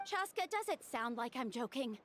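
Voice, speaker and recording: A woman's voice: fairly high pitch, very animated, moderate pace, a bit bright, a little hiss or hum. An actress voicing a worried young woman doctor who lectures and scolds in a video game cutscene. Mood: stern. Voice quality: exasperated, lecturing. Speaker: doctor and logistics handler.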